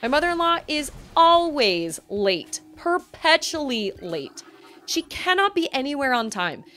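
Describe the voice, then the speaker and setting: A woman's voice: sits high, very animated, unhurried, a bit bright, soft background music. A woman livestreaming a video game, chatting casually and rambling, laughing often. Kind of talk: casual chat while gaming.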